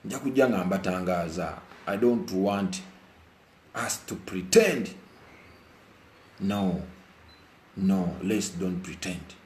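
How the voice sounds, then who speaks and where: A man's voice: low voice, slow, long pauses, darkish tone, echoey room, slight background noise. A Ugandan man speaking emotionally in a live commentary, mixing Luganda and English and repeating his points with passion. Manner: impassioned, repeats phrases, mixes Luganda and English. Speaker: vlogger. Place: indoors while rain falls outside.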